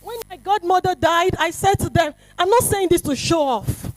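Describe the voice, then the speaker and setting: A middle-aged woman, giving a fervent testimony to a youth retreat, swinging from hushed to shouting. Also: extremely high pitch, moderate pace, low-quality recording. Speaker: prophetess speaking to a youth retreat. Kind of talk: impassioned testimony to a crowd.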